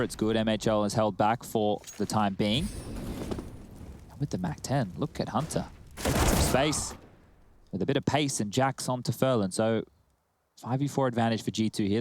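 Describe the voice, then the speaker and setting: A man with an Australian accent calling a competitive shooter match, mixing fast play-by-play with joking banter. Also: on the low side, background noise. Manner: joking banter between calls. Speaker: esports caster. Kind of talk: play-by-play commentary.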